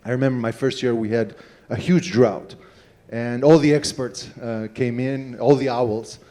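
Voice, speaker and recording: Mayor on a panel, man, warm mellow tone, relaxed storytelling. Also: medium pitch, measured pace. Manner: relaxed storytelling, many fillers. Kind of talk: panel speech with anecdote.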